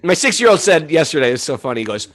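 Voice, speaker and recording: Lively animated man. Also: a little high, rapid-fire. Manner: animated, laughing storyteller. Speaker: podcast host. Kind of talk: casual spiritual conversation.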